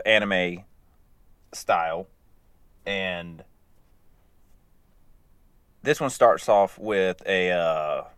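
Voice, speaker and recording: A man casually recapping animated episodes in a loose, rambling way, chuckling as he goes. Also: on the low side, clear, resonant tone, no room sound.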